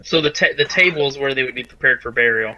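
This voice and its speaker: A man playing in a tabletop game, asking quick, eager questions. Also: medium pitch, sharp tone, muffled recording. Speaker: player. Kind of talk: casual game chat.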